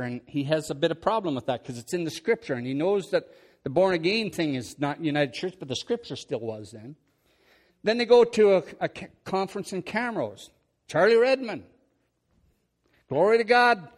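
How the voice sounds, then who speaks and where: An older man speaks at church in a slightly high voice, telling rambling, homespun stories of faith. He chuckles often, trips over his words and restarts them. He talks into a headset mic. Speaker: church speaker giving testimony. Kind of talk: folksy testimony storytelling.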